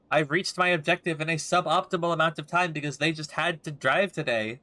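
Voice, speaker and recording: A man's voice: fairly high pitch, fairly even intonation, brisk, hardly any pauses, pushed and bright. A young man streaming a game and chatting jokingly with his viewers. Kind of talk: casual gameplay commentary.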